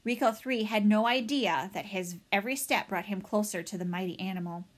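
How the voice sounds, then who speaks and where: A woman narrating a children's novel aloud in an expressive, dramatic way. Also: medium pitch, a little fast. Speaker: audiobook reader. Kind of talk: storybook narration.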